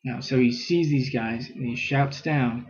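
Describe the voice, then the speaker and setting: A man's voice: medium pitch, unhurried, husky, lo-fi sound. A man giving a casual scripture lesson, thinking aloud with fillers and reading passages aloud. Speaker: scripture teacher.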